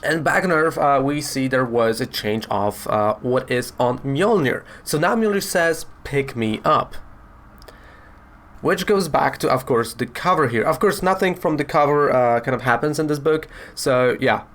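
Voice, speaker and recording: Guy rambling thru a comic review, chatty, middle pitch, lots of um and you know. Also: animated, normal speed, hardly any pauses, fairly bright tone. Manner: chatty, rambling with fillers and retellings.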